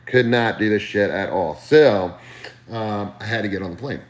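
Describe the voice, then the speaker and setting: A man on a live stream telling a comedic story, animated, ranting and swearing freely. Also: on the low side, moderate pace, reverberant.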